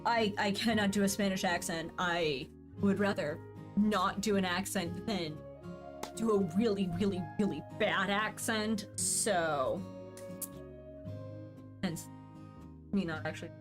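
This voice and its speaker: A woman's voice: medium pitch, slow, long pauses, over music. A woman in her thirties streaming a building game, chatting casually and thinking aloud with playful asides. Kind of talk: casual gameplay commentary.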